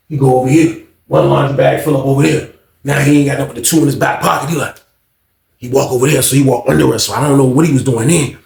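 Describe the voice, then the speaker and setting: Brief: man, high gravelly voice, lively storyteller, echoey room. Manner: animated, acts out quotes, repeats himself. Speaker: storyteller recounting prison life. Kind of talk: casual storytelling.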